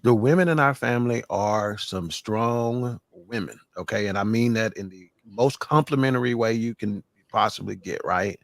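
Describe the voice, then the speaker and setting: Low-voiced male host, dry sound. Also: normal speed, gravelly, hardly any pauses, no echo. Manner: moderating, jokey asides. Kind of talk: casual panel discussion on a live stream.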